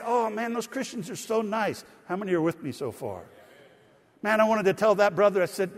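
Storytelling pastor in a reverberant church. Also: male voice, high voice, expressive, moderate pace. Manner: storytelling, rising to emphatic preaching. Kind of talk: sermon. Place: church sanctuary.

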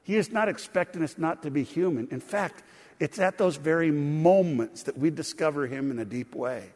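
Casting note: middle-aged male pastor, slightly higher voice, folksy sermon storytelling, long church reverb. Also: moderate pace, darkish tone. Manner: folksy storytelling, addresses congregation as friends. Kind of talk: sermon with personal stories.

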